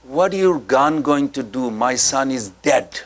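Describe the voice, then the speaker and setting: A man's voice: medium pitch, expressive, slow, pitched below the performer's own voice. A man voicing a weary, grieving mother. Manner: pleading, weary. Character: grieving mother, devastated but calm.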